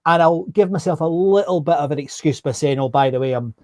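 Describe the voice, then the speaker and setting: A man's voice: fairly high pitch, brisk, darkish tone, dry recording, studio quality. A Scottish man hosting a live-streamed interview, chatting casually, correcting himself and reading out viewer comments. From Scotland. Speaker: host.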